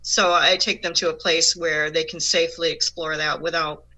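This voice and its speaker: Bright-voiced chatty woman medium. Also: sits low, level tone, normal speed, poor audio. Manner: chatty, laughs often, many restarts. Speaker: psychic medium guest. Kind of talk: casual chat.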